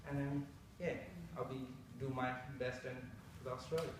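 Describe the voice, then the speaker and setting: A young man from India giving a halting, chatty speech at a citizenship ceremony, laughing often. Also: mid-range voice, steady tone, very noisy. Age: young adult. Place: council meeting room. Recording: echoey council chamber from far off.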